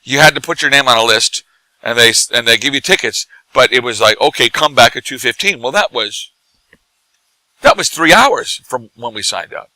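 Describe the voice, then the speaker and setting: A middle-aged man, drunk, telling animated stories in casual bar chat as a guest who acts and teaches comedy. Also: medium pitch, moderate pace, dry recording, poor audio. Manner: animated, laughing, tipsy anecdotes.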